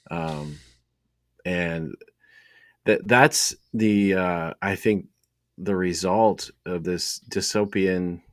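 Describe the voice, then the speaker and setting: A man's voice: deep voice, dry recording, studio quality. A man co-hosting a casual faith podcast, talking in a rambling way with many fillers and restarts. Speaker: podcast co-host.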